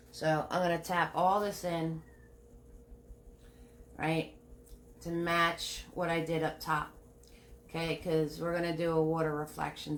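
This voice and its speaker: Casting note: woman, painting instructor on a live stream, bright clear tone, chatty and repetitive. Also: fairly low pitch. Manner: chatty, greets viewers by name while painting; repeats steps, asks "right?" often.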